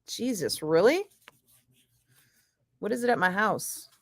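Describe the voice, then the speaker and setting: A woman's voice: medium pitch, expressive, slow, no echo. A woman in her fifties hosting a casual chat, talking in a blunt, profane and sarcastic way. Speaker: host.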